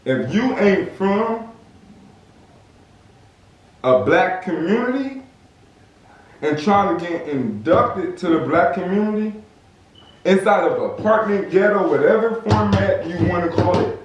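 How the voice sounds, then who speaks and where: A man's voice: high voice, measured pace, pauses often, recorded from a distance, dull audio. A young man from Southern California, casually telling a story in slangy talk and acting out the quotes. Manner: animated, slangy, acts out quotes. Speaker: podcast host. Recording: echoey room, off-mic.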